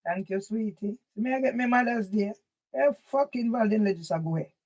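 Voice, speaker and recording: A woman's voice: a little high, brisk. Jamaican woman chanting in a repetitive vlog. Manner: repetitive chanting, at times shouting. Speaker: channel host. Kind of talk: casual vlog monologue.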